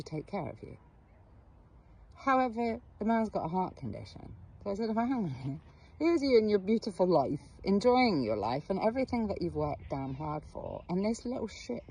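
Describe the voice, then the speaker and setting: A middle-aged woman who works as a therapist and coach tells a story straight to the camera in a lowish, mellow voice with a breathy edge. She's blunt and frank, swears casually, and addresses viewers directly with questions.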